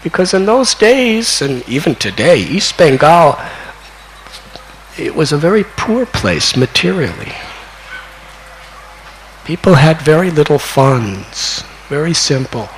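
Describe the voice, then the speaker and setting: An older man in his sixties, a spiritual teacher telling a devotional story in a slow, deliberate way that climbs to excited peaks. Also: a little high, slight background noise, rough recording. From United States. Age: 60s.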